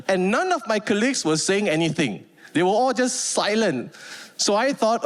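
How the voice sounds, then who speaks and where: Malaysian man doing stand-up, with a high voice and an animated delivery that acts out every scene. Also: moderate pace. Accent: Malaysian English. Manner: animated storytelling, acting out scenes. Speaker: stand-up comedian. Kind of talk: stand-up comedy set.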